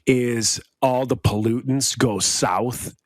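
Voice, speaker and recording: Male podcast co-host, middle pitch, dry deadpan riffer. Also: takes it slowly, no room sound. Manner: riffing, deadpan jokes. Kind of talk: casual chat.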